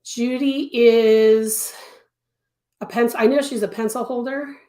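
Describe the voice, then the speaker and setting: A woman's voice: a little high, steady tone, fast talker. A woman teaching crochet in a live-stream tutorial, answering viewers in a chatty way and repeating words for emphasis. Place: home craft studio. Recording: echoey room.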